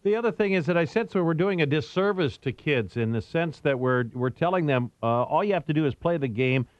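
A man hosting a call-in radio show, taking callers and asking steady, measured questions. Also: a little high, no echo, lo-fi sound.

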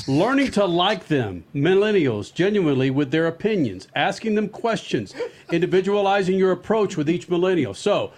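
Guy hosting a racing radio show, kinda high voice, jokey and laughy. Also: big pitch swings, normal speed, darkish tone. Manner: joking, laughs often, talks in bursts. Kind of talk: casual sports radio banter.

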